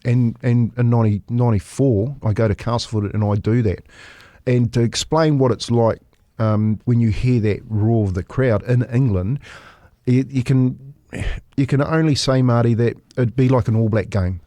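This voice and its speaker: A man's voice: mid-range voice, fairly even intonation, moderate pace, warm tone, dry recording. A New Zealand man in his fifties, a former rugby league coach, telling stories in a casual chat and laughing through them. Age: 50s.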